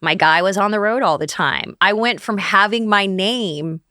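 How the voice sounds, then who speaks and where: A woman's voice: mid-range voice, moderate pace, dry recording, clean studio sound. A middle-aged woman from St. Louis, a guest in an interview, telling her story casually and acting out the voices of people she quotes. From St. Louis, USA. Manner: animated, acts out quoted dialogue.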